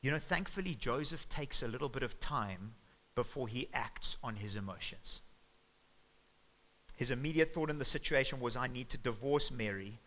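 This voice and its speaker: A male pastor giving a sermon in a church, with a bright, forward tone. He speaks in a lively, conversational way as he retells the story. His pitch sits mid-range for a man. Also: normal speed, low-quality recording.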